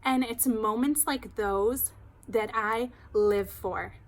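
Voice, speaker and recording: Chatty, animated hairstylist woman. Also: on the high side, slow pace. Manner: chatty, animated, heavy use of "like". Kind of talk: casual storytelling to camera.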